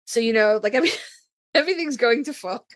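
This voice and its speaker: A woman's voice: a little high, expressive, fairly quick, dry recording, clean studio sound. A woman co-hosting a podcast in casual fan chat, gushing and rambling about favourite episodes. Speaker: podcast co-host.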